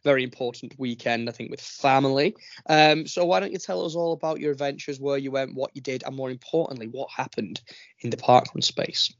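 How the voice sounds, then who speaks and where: A chatty male podcast host who talks casually and makes jokes at his own expense. His voice sounds dry and close, with slightly dull, muffled sound. His pitch sits in the middle range. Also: a little fast, dry recording. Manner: chatty, jokey, self-deprecating. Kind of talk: casual chat.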